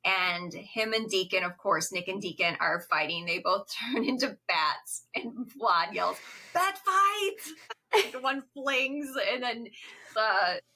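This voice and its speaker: A woman's voice: fairly low pitch, a little slow, bright, forceful tone. A woman co-hosting a casual rewatch podcast, animatedly retelling scenes and acting out the quotes. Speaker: podcast co-host.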